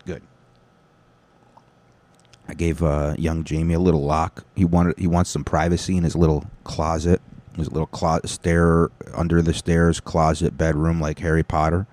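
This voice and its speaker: A man's voice: extremely low pitch, level tone, normal speed, darkish tone. A man hosting a podcast in casual, rambling, profane chat full of jokes. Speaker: podcast host.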